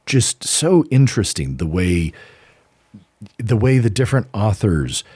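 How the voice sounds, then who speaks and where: A young man co-hosts a casual podcast about books, rambling through a story and repeatedly interrupting and restarting himself. His fairly low voice swings widely in pitch, a little slow, somewhat mellow and slightly rough, with no echo.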